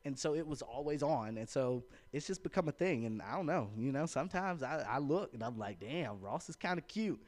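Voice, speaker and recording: A man's voice: mid-range voice, lively intonation, brisk, few pauses, a little mellow. Laughing man telling a candid story. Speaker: podcast co-host. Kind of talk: casual chat, storytelling.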